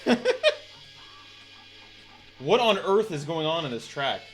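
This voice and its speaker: A man's voice: a little high, sing-song, a little slow, soft background music. A man streaming a text adventure game, chatting casually, laughing often and swearing as he thinks aloud. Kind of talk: casual let's-play commentary.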